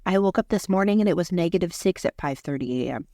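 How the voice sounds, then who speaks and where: A young woman co-hosting a podcast in casual chat, talking in a flat monotone, hoarse after losing her voice. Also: lowish voice, fast, dry recording, studio quality. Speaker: podcast co-host.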